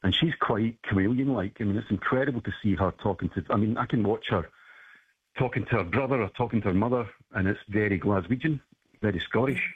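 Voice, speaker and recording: Male caller, husky and low, hesitant, dry phone-line sound. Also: quick pace, no room sound. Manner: reminiscing, hesitant with many ums. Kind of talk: casual radio call.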